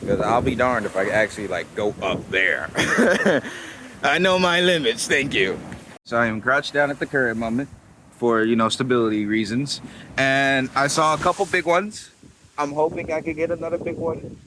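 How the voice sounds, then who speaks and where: A man's voice: medium pitch, normal speed, low-quality recording. Laid-back young man on windy shore. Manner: rambling and laid-back, slangy with "bro" and "man". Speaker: vlogger. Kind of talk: casual chat to camera. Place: outdoors crouched on a rocky coastline by crashing waves. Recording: wind noise and loud surf.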